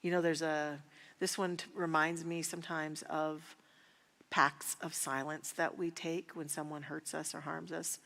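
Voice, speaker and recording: A woman minister teaching a spiritual class, speaking in an earnest, personal and unhurried way. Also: deep voice, level tone, vocal fry, a bit bright, in a large hall. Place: church sanctuary.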